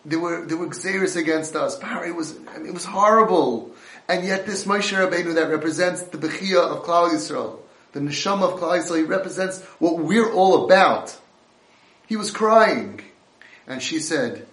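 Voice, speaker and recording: A man's voice: a little high, moderate pace, a bit bright, echoey room. A man giving an impassioned Torah lecture, mixing in Hebrew and Yiddish terms.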